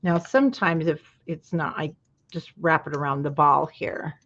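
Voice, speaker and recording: A chatty woman from Utah walks viewers through a craft project, with plenty of friendly asides along the way. Her voice sits a little low for a woman. The sound is somewhat dull and lo-fi. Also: moderate pace, fairly bright tone, slight background noise. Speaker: craft show host. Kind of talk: live craft tutorial.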